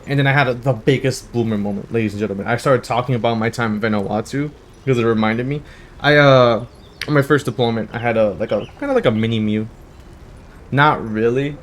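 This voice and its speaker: A young American man hosting a casual let's-play, telling rambling, animated stories with laughs and swearing. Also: mid-range voice, a little hiss or hum. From United States. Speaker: gaming channel host.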